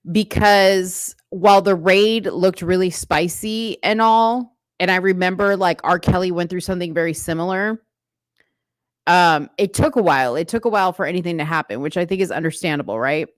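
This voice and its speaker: Chatty woman host, low dry voice. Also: normal speed, no echo. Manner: chatty, many fillers, talks straight to viewers. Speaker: livestream host. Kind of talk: reading news aloud and commenting to live chat.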